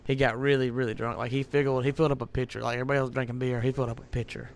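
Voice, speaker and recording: A man spins loose, cussing stories at a quick clip over a gaming headset. His pitch sits in a middling range, and a faint hiss runs under his voice. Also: flat delivery, gravelly. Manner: rambling, profane storyteller. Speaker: gaming friend telling stories. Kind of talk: casual chat over voice chat while gaming.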